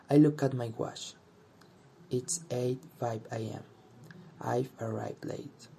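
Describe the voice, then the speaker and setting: Slow gravelly male storyteller. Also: medium pitch, mellow, slight background noise. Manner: slow, deliberate, short plain sentences. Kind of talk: first-person story narration.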